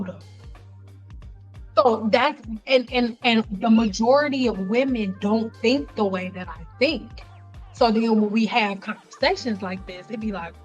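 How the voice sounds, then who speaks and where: A young woman with a fairly high voice chats live with her viewers, blunt and profane. She tells her stories with animation. Soft music plays faintly behind her. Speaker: livestream host. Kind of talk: casual unscripted livestream chat.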